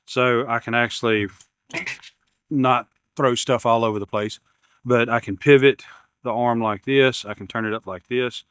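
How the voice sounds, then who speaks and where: A man's voice: mid-range voice, fairly even intonation, moderate pace, a bit bright, smooth, no echo. A man, rambling casually as he unboxes gear at his workshop bench. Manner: rambling, repeats words, self-deprecating humor. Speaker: YouTube maker unboxing camera gear.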